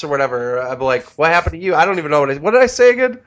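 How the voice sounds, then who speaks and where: A man's voice: a little high, big pitch swings, fast talker, hardly any pauses, fairly bright tone, lo-fi sound. A man co-hosting a casual podcast, telling stories with frequent swearing and heated bursts. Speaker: podcast co-host. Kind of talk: casual profane chat.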